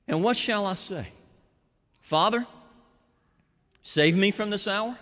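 A man preaching a sermon as a pastor, shifting from hushed, drawn-out phrases to loud, emphatic lines. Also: high voice. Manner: dramatic preaching, dropping to hushed tones and rising to shouts. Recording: long hall reverb.

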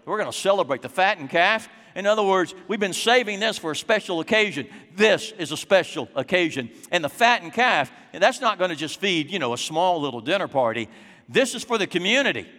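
A man preaching a sermon, dramatic and acting out scenes, slowing down for emphasis in a church hall. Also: high voice, expressive, pushed and bright.

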